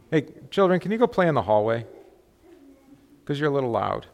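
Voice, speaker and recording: A middle-aged pastor leads a relaxed, conversational Bible class, frequently checking in with the group through quick tag questions. His voice is medium-pitched with vocal fry.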